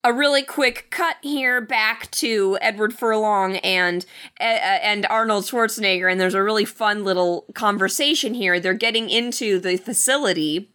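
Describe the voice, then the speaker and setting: Bright, lively woman recapping a movie. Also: medium pitch, normal speed. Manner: lively, acts out quoted lines. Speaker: movie podcast co-host. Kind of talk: casual chat recapping a film.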